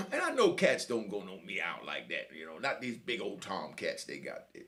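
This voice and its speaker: Animated storytelling man with a gravelly voice. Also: normal speed. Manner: animated, imitates cat meows in a high voice; streetwise slang with frequent "you know what I mean". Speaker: prison storyteller. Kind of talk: casual spoken storytelling.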